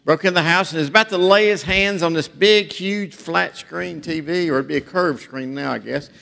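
Folksy preacher, gravelly voice. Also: male voice, fairly high pitch, normal speed, pushed and bright. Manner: folksy storytelling with jokes. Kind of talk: sermon. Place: church sanctuary. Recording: reverberant church hall.

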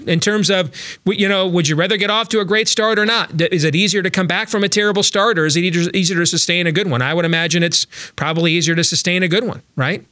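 A man's voice: high-pitched, steady tone, quick pace, bright, forceful tone, dry recording, clean studio sound. A man hosting a sports talk show, chatting casually about baseball with lots of fillers and restarts.

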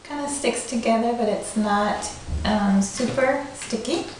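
The host of a home cooking demonstration, a woman with a voice on the high side, talks a little slowly while putting on a mixed accent for fun and laughing at herself. Slight background noise comes through, along with kitchen echo from a distant mic.

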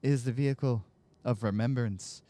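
A man's voice: medium pitch, moderate pace, dark tone, close to an everyday voice. A man reading a game journal aloud in a put-on Irish or Scottish accent, voicing an exiled war veteran. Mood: solemn. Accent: mock Irish or Scottish.

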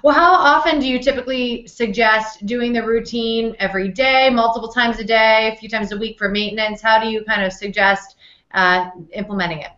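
A woman with a bright, fairly high voice asks a question hesitantly, hedging as she goes. She sounds distant from the mic. The recording is dull and echoey. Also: fairly even intonation, brisk.

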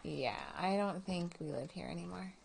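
A woman's voice: on the low side, moderate pace, gravelly, a little mellow, a little hiss or hum. A young adult woman streaming a video game, chatting casually with viewers, sarcastic and self-mocking and swearing freely. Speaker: gaming streamer. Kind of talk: casual live let's-play commentary.

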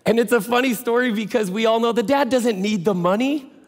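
A man's voice: very high-pitched, a little fast. A male pastor giving a sermon in a casual, joking storytelling way. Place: church. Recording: echoey church hall.

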